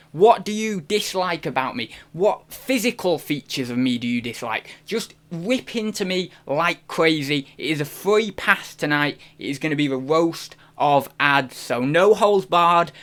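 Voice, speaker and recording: A man's voice: fairly high pitch, fairly bright tone. A man hosting a live stream, chatting casually in a rambling, self-deprecating way. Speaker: reselling streamer host.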